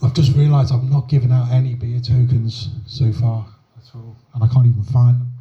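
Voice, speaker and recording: Halting male host in a muffled pub recording. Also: mid-range voice, level tone. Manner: loose and halting, with many fillers. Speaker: comedy night host. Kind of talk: casual compering between acts. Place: small pub comedy night.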